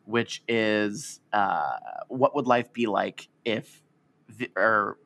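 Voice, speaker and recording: A man's voice: fairly low pitch, steady tone, takes it slowly, creaky, fairly bright tone. A man co-hosting a podcast in casual chat, giggly and rambling with lots of fillers. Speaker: podcast co-host.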